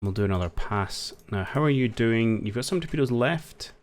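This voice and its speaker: A man's voice: medium pitch, expressive, normal speed. A man giving casual, thinking-aloud commentary over a strategy game, wry and understated as he plays. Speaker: strategy game let's-player.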